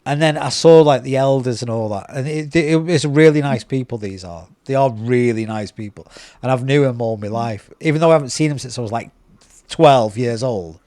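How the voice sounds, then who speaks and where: A man's voice: mid-range voice, fairly quick, dry recording. British man telling stories animatedly. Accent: British English. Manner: animated, acts out quoted voices, repeats words. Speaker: podcast host. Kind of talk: casual conversational storytelling.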